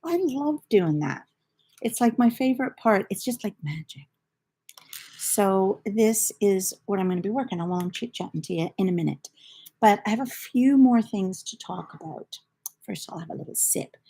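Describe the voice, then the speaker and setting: A woman's voice: medium pitch, animated, moderate pace, creaky, dark tone, slightly rough. An older woman from the United Kingdom, hosting a knitting livestream in a rambling, chatty storytelling way. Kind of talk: casual chat.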